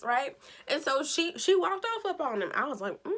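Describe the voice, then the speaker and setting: Her voice is high and her pace brisk as she breaks down a TV episode for her recap channel. The telling is chatty and full of attitude, with lines from the characters acted out.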